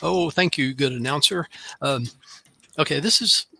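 A man from Tennessee calmly guiding a breathing practice, sighing audibly as he exhales. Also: on the high side, measured pace, vocal fry, husky, dry recording. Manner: calm, instructive, with audible sighs. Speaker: free spell segment guest. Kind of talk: guided breathing instruction.

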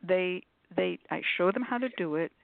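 A woman's voice: on the low side, moderate pace, vocal fry, dry recording. A woman who runs a shop, chatting animatedly and acting out what people say as she demonstrates. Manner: chatty, animated storyteller, acts out quotes. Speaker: shop owner and pendulum teacher. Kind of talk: casual conversation, demonstrating. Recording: phone-like dry audio.

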